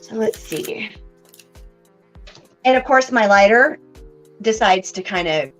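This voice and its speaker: A woman's voice: medium pitch, animated, slow. A woman with a Texan accent hosting a casual livestream reading, chatty and greeting viewers by name. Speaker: host and card reader. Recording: dull lo-fi livestream audio with faint music.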